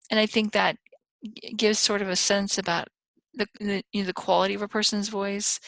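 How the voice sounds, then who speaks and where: A woman giving a conversational communication lecture, talking on the fast side of normal, with fillers and small restarts. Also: mid-range voice, gravelly, fairly bright tone, no room sound, low-quality recording. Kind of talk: recorded classroom lecture.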